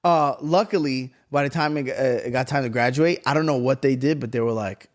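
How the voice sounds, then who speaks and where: A man in his thirties co-hosting a podcast, telling animated, profanity-laced stories and acting out the voices in them. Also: mid-range voice, brisk. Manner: animated, swears a lot, acts out voices in stories. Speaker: podcast co-host. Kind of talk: casual storytelling chat.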